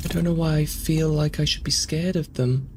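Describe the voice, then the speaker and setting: A man's voice: a little high, steady tone, moderate pace, background noise. A man playing through a game, thinking aloud and asking question after question in an earnest, emotional way. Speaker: gaming streamer. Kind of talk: let's play commentary.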